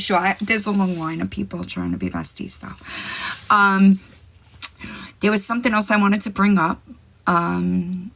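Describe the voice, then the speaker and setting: Speaking at medium pitch with vocal fry and a fairly bright tone, this livestream host chats casually through a phone mic. She is crude and brash, mocking rivals and wandering off on tangents aimed straight at her chat.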